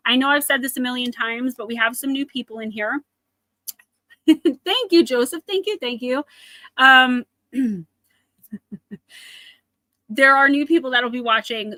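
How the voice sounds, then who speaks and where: A woman with a New Jersey accent gives a live oracle card reading in a slightly high, very bright voice. She talks to her viewers in a chatty way and often calls them by name. The sound is dry and close, with no room echo.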